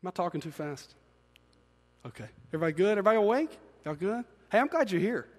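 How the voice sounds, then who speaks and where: A man delivers a sermon in a high, lifted voice. He swings from quiet, confiding asides to loud, emphatic peaks. His voice carries a long reverb through a large hall. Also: very animated, quick pace. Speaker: pastor.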